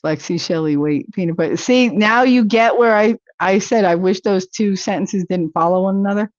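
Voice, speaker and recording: A woman's voice: mid-range voice, moderate pace, no echo. A chatty woman hosts a livestream and riffs loosely on viewer comments. She rambles from thought to thought and laughs easily. Her voice is close and dry, with a dull, lo-fi stream-audio sound. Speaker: livestream talk show host. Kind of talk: casual chat reacting to viewer comments.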